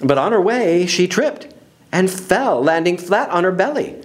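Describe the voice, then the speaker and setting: A man reading a children's picture book aloud in an expressive, animated way. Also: high-pitched, unhurried. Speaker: storybook reader.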